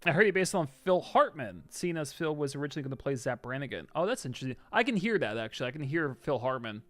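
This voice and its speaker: Fast-talking and fairly high-pitched, this man chats on a live stream and reads viewer comments aloud, alternating loud, thrilled reactions with quiet asides. No room sound is audible.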